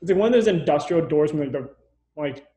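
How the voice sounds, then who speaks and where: A man's voice: fairly high pitch, animated, fast talker, warm tone, reverberant. A man in his twenties co-hosting a podcast over a remote call, telling a story with lots of fillers and restarts. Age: 20s. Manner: rambling, hesitant, many fillers. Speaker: podcast co-host. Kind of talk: casual chat. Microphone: computer mic, remote call.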